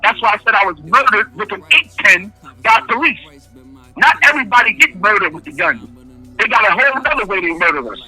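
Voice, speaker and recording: An incarcerated interviewee on a prison phone call speaks in a high, husky, bright and forceful voice, expressive and a little fast. He gives impassioned answers in casual street speech, repeating key phrases for emphasis, over soft background music.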